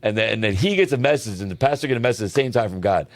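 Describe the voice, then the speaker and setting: A man with a lowish voice tells a story at a rapid clip, casual and animated, peppering it with swearing and "right?". The sound is dry and close with no room echo. He hosts an advice podcast. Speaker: podcast co-host.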